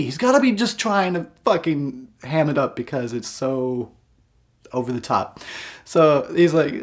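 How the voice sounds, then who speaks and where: A man's voice: fairly high pitch, lively intonation, moderate pace, soft background music. A man giving a casual movie review, swearing freely and often breaking into laughter. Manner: giggly, profane, breaks into laughter.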